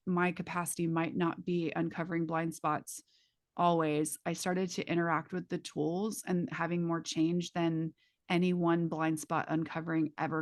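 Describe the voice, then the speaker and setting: A woman facilitator teaching a live class in a casual, emphatic way, swearing freely and speaking straight to her students through vivid images. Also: fairly low pitch.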